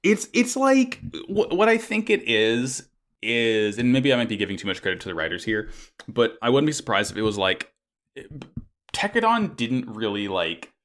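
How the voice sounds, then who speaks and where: A man co-hosting a casual anime recap podcast, talking in a lively way, swearing casually and laughing easily. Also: mid-range voice, moderate pace. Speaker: podcast co-host.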